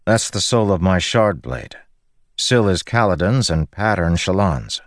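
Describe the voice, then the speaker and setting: A young nobleman who asks frank, pointed questions, voiced by a man. The voice is low and natural. The recording is dry and close. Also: sing-song, unhurried, no room sound. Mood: curious. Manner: direct, questioning. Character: young nobleman, curious and direct.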